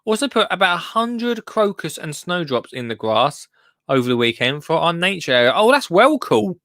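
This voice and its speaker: A man's voice: a little high, very animated, moderate pace, fairly bright tone, no room sound. A man hosting a live gardening show, chatting in a rambling way and reading out listener comments. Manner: rambling and chatty, breaks off mid-sentence. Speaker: gardening podcast host.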